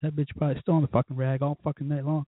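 Talking very fast with a flat delivery, this man hosts his own podcast, cursing constantly and poking fun at himself as he rambles. His slightly high voice carries a breathy edge and sounds phone-quality, with no echo.

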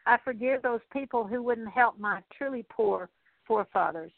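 A middle-aged woman leading a spoken prayer of repentance, slow and halting, with many fillers and repeated words. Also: on the high side, vocal fry. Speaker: Christian teacher. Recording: tinny dry phone-like radio recording.

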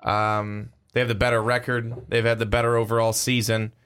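A man's voice: mid-range voice, level tone, a little fast, fairly bright tone, smooth. Hesitant man on a sports podcast. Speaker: podcast co-host. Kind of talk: casual sports podcast chat.

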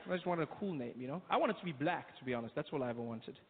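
South African comedian, high animated voice. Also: male voice. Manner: animated storytelling, quick impressions. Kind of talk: stand-up comedy. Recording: tinny phone-like audio, echoey hall, loud ambience.

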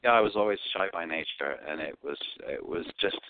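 An Australian comedian with a deep voice speaks briskly as an interview guest, telling stories and animatedly acting out the voices in them. The recording sounds phone-like, over a dry line.

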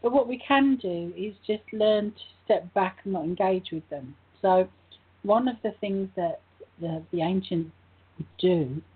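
A woman co-hosting a spiritual talk show, her voice croaky, gently guiding listeners through a meditation. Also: medium pitch. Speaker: co-host. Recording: tinny phone-like line.

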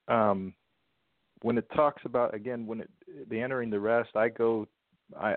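A man speaks as a guest in a halting, hesitant way, often restarting his sentences. His voice is fairly low. The line is dry and narrow, like a phone call. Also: no room sound. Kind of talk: casual on-air discussion.

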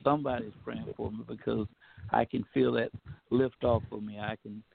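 A man's voice: mid-range voice, steady tone, normal speed, creaky, husky. A man who is a pastor, talking in a casual preachy way, repeating himself and saying "man" a lot. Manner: preachy, repeats words, says "man" often. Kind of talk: casual chat. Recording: tinny phone line.

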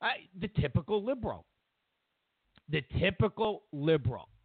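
A man's voice: a little high, sing-song, moderate pace, breathy edge, dry recording. A man hosting a talk show, delivering a sarcastic, mocking political rant. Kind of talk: political commentary monologue. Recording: tinny phone-like dry sound.

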